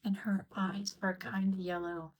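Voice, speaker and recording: A woman's voice: medium pitch, little pitch movement, a little slow, low-quality recording. A woman chatting casually on a live stream as she works on a craft piece, often murmuring encouragement to herself. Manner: murmurs to herself, self-coaching. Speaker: craft livestreamer. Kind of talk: casual live-stream chat while working.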